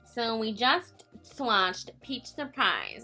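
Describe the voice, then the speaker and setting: Young woman, makeup vlogger, bright, high-ish voice, chatty, giggly, self-mocking, tired, faint music. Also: expressive, measured pace. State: tired late at night. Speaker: beauty vlogger. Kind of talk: makeup swatch review vlog.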